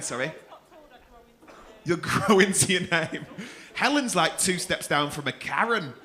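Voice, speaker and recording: A man hosting a comedy club, teasing the audience with sweary crowd-work banter. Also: high voice.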